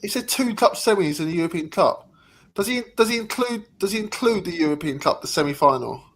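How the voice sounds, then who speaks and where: A man's voice: high voice, lively intonation, fairly quick. Hesitant man reading out chat comments. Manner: hesitant, lots of "um", agreeable. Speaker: livestream host reading comments. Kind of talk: casual chat.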